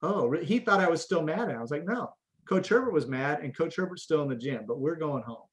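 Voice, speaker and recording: A man's voice: fairly high pitch, lively intonation, fast. A middle-aged man, a coach and parent educator, answering interview questions in an earnest, conversational way and often restarting his sentences. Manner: earnest, repeats words when starting sentences.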